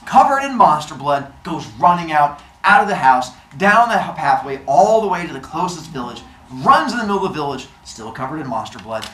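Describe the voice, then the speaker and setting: A man tells an old myth in a loose, comic way, his pitch bouncing up and down as he throws in silly sound effects. The room is roomy, with a faint hum underneath. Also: big pitch swings, a little fast, hardly any pauses, fairly bright tone. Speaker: storyteller. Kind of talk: casual comic retelling of a myth.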